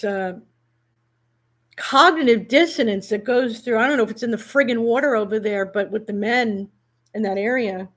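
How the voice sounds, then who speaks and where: Give me a woman host in casual chat, telling an indignant story with lively quoted dialogue. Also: medium pitch. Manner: animated storytelling, indignant, quotes others in conversation. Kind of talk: casual talk show chat.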